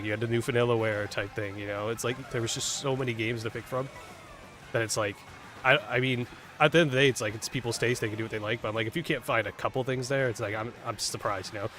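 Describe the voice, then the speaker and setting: Give me a fast-talking man in casual gameplay commentary, rambling and filler-heavy, with faint music behind. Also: fairly low pitch, fairly bright tone. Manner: rambling, filler-heavy, swears, laughs at own mistakes. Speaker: gaming streamer. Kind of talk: casual commentary while playing.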